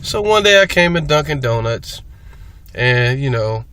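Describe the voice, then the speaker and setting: A man's voice: medium pitch, lively intonation, measured pace, sharp tone, a little hiss or hum. A man talking casually to his viewers in a rambling, repetitive way, often restarting his sentences. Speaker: vlogger. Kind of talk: casual monologue to camera.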